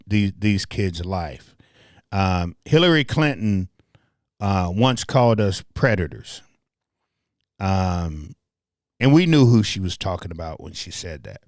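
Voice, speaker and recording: A man's voice: on the low side, dry recording, studio quality. A middle-aged man from Memphis with a Southern accent, hosting a passionate commentary show and talking straight to his audience. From Memphis, Tennessee. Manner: passionate, repeats words, speaks to the audience directly. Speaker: host. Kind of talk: livestream commentary.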